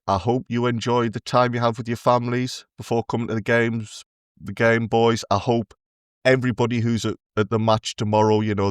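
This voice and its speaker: Man, podcast guest, lowish voice, teasing, relaxed, dry sound. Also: clear, resonant tone, no echo. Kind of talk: casual football podcast chat. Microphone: remote call.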